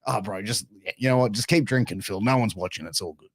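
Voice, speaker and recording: A man hosting a podcast, asking questions in an excitable, laid-back way with plenty of swearing. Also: lowish voice, fast talker, no echo, clean studio sound. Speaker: podcast host. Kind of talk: casual podcast interview.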